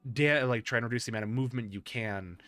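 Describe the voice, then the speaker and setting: A man hosting a casual stream chat, excitable and rambling, quick to laugh. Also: medium pitch, dry recording, faint music behind. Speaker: streamer host.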